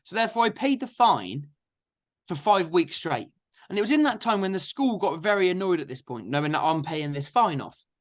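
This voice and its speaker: A young man, telling his story in a lively, chatty interview. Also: sits high, a little fast. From England. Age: 20s. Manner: chatty, energetic anecdotes with frequent "so therefore". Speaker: guest farmer.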